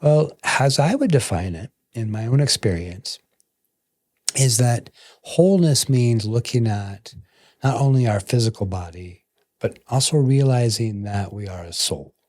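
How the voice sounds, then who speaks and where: A man, a massage therapist and energy bodyworker, telling stories as a guest in a casual interview and acting out the quotes with lively jumps in his voice. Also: unhurried, dry recording. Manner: animated, acts out quotes with jumps in pitch.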